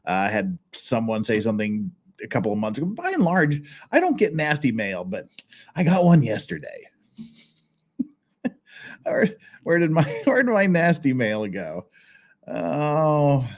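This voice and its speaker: A man's voice: medium pitch, darkish tone. A man hosting a casual livestream chat, reading viewer messages with frequent laughs, restarts and a rambling manner. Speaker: channel host.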